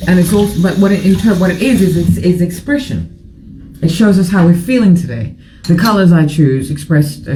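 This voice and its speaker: A woman's voice: deep voice, darkish tone, slight background noise, low-quality recording. A middle-aged woman hosting a casual morning chat show, rambling and frank, a little tired. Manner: chatty, rambling, frank and irreverent. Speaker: live show host.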